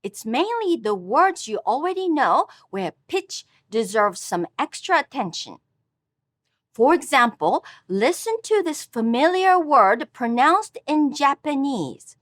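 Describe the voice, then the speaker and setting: A woman narrating a scripted language lesson, speaking slowly and carefully as she models pronunciation. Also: high voice, sing-song, dry recording, studio quality. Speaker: language teacher.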